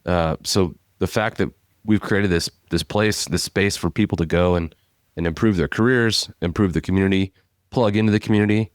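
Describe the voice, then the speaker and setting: Low-voiced easygoing male co-host. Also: normal speed, no echo, studio quality. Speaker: podcast co-host. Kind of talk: casual chat.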